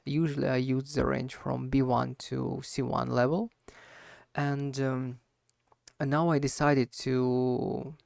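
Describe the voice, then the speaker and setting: A man's voice: mid-range voice, gravelly, dry recording, clean studio sound. A man who is not a native English speaker, talking through a solo speaking practice with a slight harsh wheeze and lots of fillers and self-corrections. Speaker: language learner.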